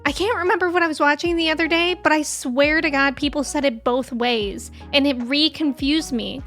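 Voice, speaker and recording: Young American woman game streamer, high-pitched, rambling casual chat with viewers. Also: normal speed, fairly bright tone, faint music behind. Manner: chatty, rambling, laughs often.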